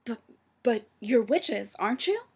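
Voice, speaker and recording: A woman's voice: on the high side, very animated, measured pace, slightly rough, exaggerated voice. A woman voicing a flustered young trainee witch who sputters indignantly. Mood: sputtering.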